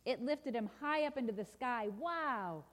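A middle-aged woman with a fairly high voice preaches and reads a story aloud, voicing its sound effects with animated energy. Her voice rings with a long reverb in a church hall. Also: normal speed. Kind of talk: sermon with a read-aloud children's story.

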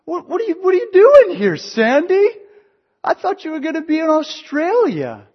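A man doing a squeaky, stammering teenage boy. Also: huge pitch swings, moderate pace, exaggerated voice. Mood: flustered. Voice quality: high-pitched, squeaky, stuttering. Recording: dull sound with long hall reverb.

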